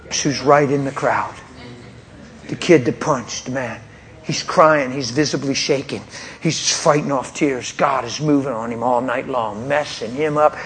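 A man's voice: medium pitch, normal speed, fairly bright tone, a little hiss or hum. A man, a traveling preacher, telling a testimony story in an emphatic, fervent way.

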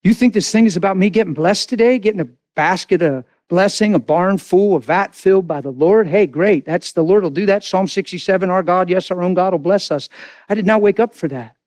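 A man preaching a sermon with great passion, swinging from loud outbursts to hushed, low lines. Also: brisk, no echo.

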